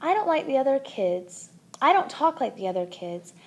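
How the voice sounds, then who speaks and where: A woman voicing a shy, kind young schoolgirl who speaks softly and gently. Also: sits high, big pitch swings, moderate pace. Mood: earnest. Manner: soft and gentle.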